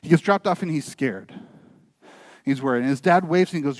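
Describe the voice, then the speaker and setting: Male pastor, storytelling sermon voice, slightly high, dry close sound. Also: fairly quick, long pauses, no room sound. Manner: storytelling, building to earnest, quieter exhortation. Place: church.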